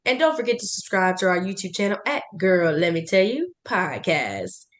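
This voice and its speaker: A woman co-hosting a podcast in casual chat, jokey and quick to tease. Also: fairly low pitch, sing-song. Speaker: podcast co-host.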